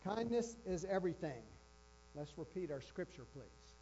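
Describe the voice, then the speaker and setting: A man's voice: high-pitched, lively intonation, normal speed, warm tone. A man preaching a sermon with emphasis, repeating his key phrases. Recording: dull lo-fi with faint electrical hum.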